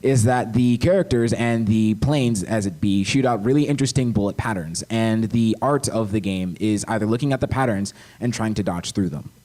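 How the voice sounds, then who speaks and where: A man's voice: lowish voice, normal speed, hardly any pauses, mellow. A man on a convention panel who talks earnestly about games, sometimes restarting as he searches for words. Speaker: game design panelist. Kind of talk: casual convention panel chat.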